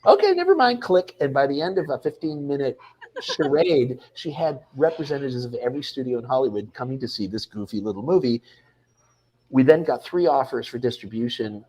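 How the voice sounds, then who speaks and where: Animated storytelling director man. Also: medium pitch, fairly quick, breathy edge, highs cut off. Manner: animated, acts out quoted people, frequent restarts. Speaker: film director, interview guest. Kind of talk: anecdotal storytelling in an interview.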